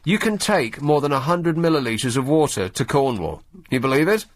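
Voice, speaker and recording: A man's voice: on the high side, expressive, a little fast. A man hosting a radio phone-in in a studio, talking casually in a sardonic, mocking way. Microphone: studio microphone.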